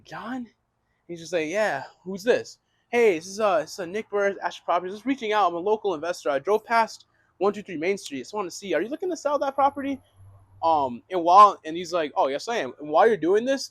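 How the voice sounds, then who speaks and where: A young man gives a casual wholesaling lesson at a quick clip, with a voice that sits a little high. He rambles, repeats himself and swears offhandedly. The recording is close and dry. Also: no room sound. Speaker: real estate wholesaling instructor. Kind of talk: casual teaching monologue. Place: small room, writing on a board.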